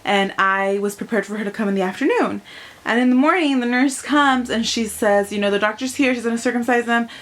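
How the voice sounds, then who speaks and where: A woman's voice: a little high, brisk, a bit bright. A young woman vlogging to camera as a mom, retelling a personal experience in a chatty, emotional way, with lots of fillers. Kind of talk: casual vlog monologue.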